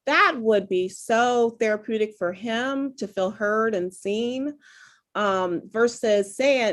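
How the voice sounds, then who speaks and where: A woman speaking as a therapist in a relaxed conversation, calmly explaining how to validate others and acting out example phrases. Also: mid-range voice, measured pace. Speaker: therapist guest. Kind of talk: conversational advice.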